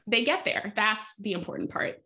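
A woman's voice: mid-range voice, animated, moderate pace, bright, forceful tone. A woman hosting a casual podcast, recapping an episode in a chatty way with lots of fillers. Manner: chatty, frequent fillers, acts out quotes. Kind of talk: casual chat.

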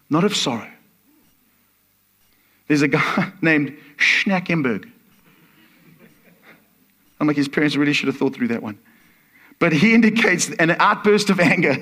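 Guest preacher, male, higher voice, storytelling sermon delivery. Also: a bit bright. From Portuguese. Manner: storytelling, acts out voices in quotes.

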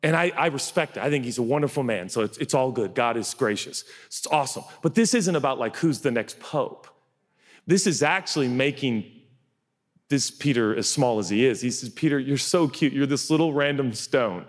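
A man preaching a sermon as a pastor, animated, acting out quotes with big leaps in pitch and loudness. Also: normal speed. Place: church hall. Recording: long reverb of a large hall.

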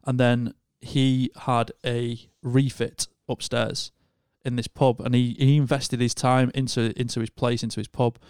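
A man's voice: medium pitch, little pitch movement, a little slow, hardly any pauses, darkish tone, clear, resonant tone, no echo, clean studio sound. A man, co-hosting a podcast and telling a long story in casual chat, with lots of restarts. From Northern England. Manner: rambling storyteller with many restarts. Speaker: podcast co-host.

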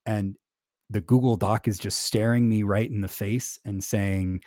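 A man's voice: lowish voice, steady tone, measured pace, mellow, no room sound, studio quality. A man hosting a podcast, talking candidly and with self-deprecating humor, chuckling often and restarting his sentences. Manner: conversational, with many fillers and restarts. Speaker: podcast host. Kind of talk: casual podcast monologue on faith.

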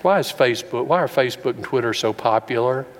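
A man preaching a sermon as pastor, folksy and earnest, building up to loud, high peaks. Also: fast, in a large hall. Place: large room with an audience.

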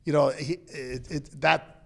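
Lively middle-aged man telling a story. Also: a little high, a little slow, creaky, husky. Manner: animated, acts out the people he quotes. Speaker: guest, father of a pro hockey player. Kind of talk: casual storytelling.

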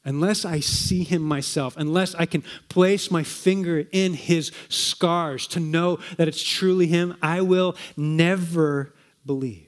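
Guy preaching a sermon, kinda high voice, talks casual and asks the crowd lots of questions. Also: fairly even intonation, slow. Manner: conversational, with rhetorical questions and repetitions.

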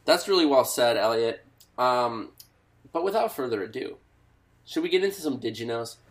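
A man's voice: mid-range voice, animated, normal speed. A man co-hosting an improvised comedy podcast, prompting his partner in a mock-earnest interviewer manner. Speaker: podcast co-host.

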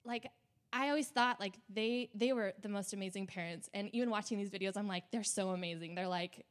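A woman's voice: medium pitch, normal speed. A young woman hosting, openly and emotionally sharing a personal faith story in a casual way, with many fillers. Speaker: host.

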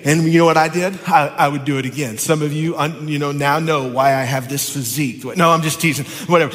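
A male pastor preaches with a slightly high voice that rings out in a long hall reverb. He jokes and teases in quick asides, then slows right down to repeat his key lines with weight. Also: fairly bright tone. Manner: playful, teasing asides then slow emphatic repetition. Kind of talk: sermon.

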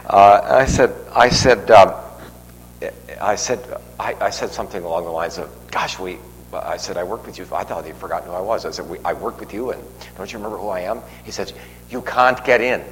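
A man's voice: sits low, brisk. An older man preaching a homily, telling a rambling personal story with frequent restarts and fillers. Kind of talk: sermon. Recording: long reverb, faint noise.

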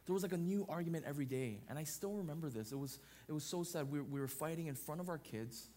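A man's voice: fairly high pitch, quick pace, warm tone. A man in his thirties preaching a sermon as pastor, emphatic, building points through repeated parallel phrases.

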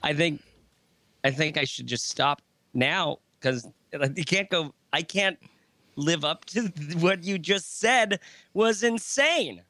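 A man's voice: fairly high pitch, animated, slow, bright, forceful tone, no room sound. A man in his thirties talking as a podcast guest, rambling and joking, often breaking off his own sentences. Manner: rambling, joking, self-interrupting. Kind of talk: casual conversation.

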